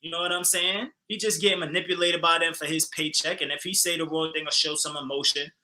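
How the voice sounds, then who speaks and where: Bright, animated man in heated talk. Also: on the high side, fast talker, low-quality recording. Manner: animated, emphatic, frequent fillers and profanity. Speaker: podcast co-host. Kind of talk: casual heated discussion.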